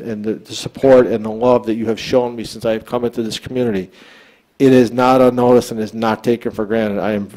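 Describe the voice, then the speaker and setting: Superintendent type, American man, earnest public address, mellow tone, emphatic restarts. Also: medium pitch, low-quality recording. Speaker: school superintendent. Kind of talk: public address at a school board meeting. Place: school board meeting room.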